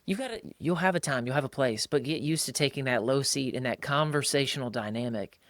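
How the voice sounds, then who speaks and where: Speaking briskly in a mid-range, fairly bright voice, a man co-hosts a casual podcast, dropping "bro" at listeners and copying others' voices in his quotes. There's no room sound.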